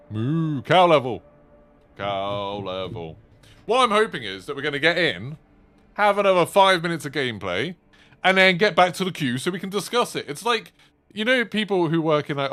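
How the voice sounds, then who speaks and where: A man's voice: mid-range voice, bright, forceful tone. A man in his thirties chatting casually to viewers while streaming, rambling with lots of fillers. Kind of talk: casual live-stream chat.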